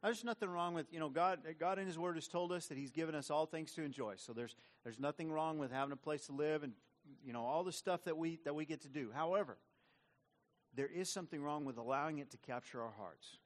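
A man's voice: fairly high pitch, fast. A man preaching a sermon in a conversational, repetitive way. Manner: conversational preaching with frequent repeated words. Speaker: pastor.

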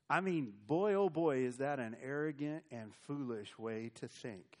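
A man's voice: mid-range voice, slow, a little mellow. Folksy American preacher man. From United States. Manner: folksy, conversational storytelling. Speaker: pastor. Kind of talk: sermon.

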